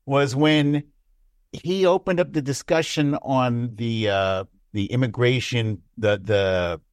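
A man in casual political chat, animated, acting out quotes with big jumps in pitch. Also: slow, no room sound, studio quality.

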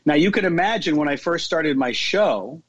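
A man's voice: a little high, animated, normal speed, husky, no echo, lo-fi sound. A man from the Chicago area, a sports podcast guest, telling his background with some restarts. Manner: fluent storytelling with some restarts. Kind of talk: casual interview talk.

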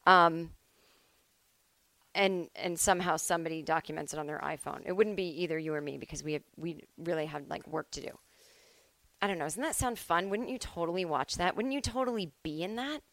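A woman's voice: lowish voice, a little fast, fairly bright tone, no room sound. A woman in her forties from Massachusetts, hosting a solo comedy podcast from home, rambling and self-deprecating with lots of "like" and "I don't know". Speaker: podcast host.

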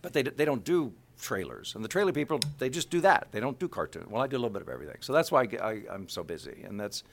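A middle-aged voice actor from Kansas City, USA, races through casual interview chat in a mid-range, creaky voice over slight background noise. Animated as he goes, he slips into character voices in the middle of sentences.

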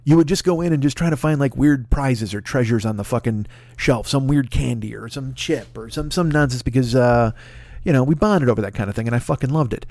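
A man telling a rambling comic story, profane and animated, acting out other people's voices. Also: medium pitch, fairly quick, no room sound. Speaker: comedy podcast host.

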